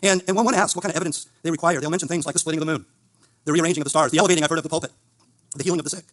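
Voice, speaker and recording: A man giving a formal, gently ironic closing statement at a debate event. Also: fairly high pitch, fairly even intonation, racing. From Italian heritage.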